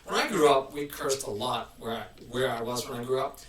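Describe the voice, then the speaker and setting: Chatty man with a bright voice, rambling live. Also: medium pitch, steady tone, a little fast. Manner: rambling, chatty, restarts often. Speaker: live-stream host. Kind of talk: casual live-stream chat. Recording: roomy, mic at a distance.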